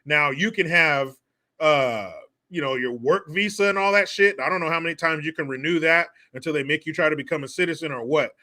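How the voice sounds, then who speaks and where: Sarcastic man with a bright voice. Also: fairly high pitch, a little fast. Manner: sarcastic, mocking, swears freely, laughs often. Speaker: host. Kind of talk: casual commentary vlog.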